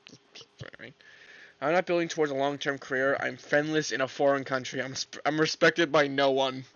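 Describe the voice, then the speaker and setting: A hoarse man from Canada, streaming while reading a visual novel aloud, casual, joking and swearing. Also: medium pitch, fairly even intonation, brisk, a bit bright, no echo. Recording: dull lo-fi.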